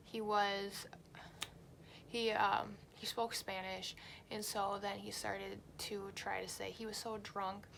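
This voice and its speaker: A young woman vlogger tells a story in a blunt, animated way and swears freely. Her voice has a gravelly, fry-heavy texture. There is a faint hiss in the background. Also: mid-range voice. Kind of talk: storytime vlog.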